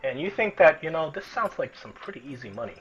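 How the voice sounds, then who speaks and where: A man narrating as game master in an easygoing, rambling way, with a husky voice. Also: on the high side, big pitch swings, fast talker, a bit bright, dull audio, slight background noise. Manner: easygoing, restarts a lot.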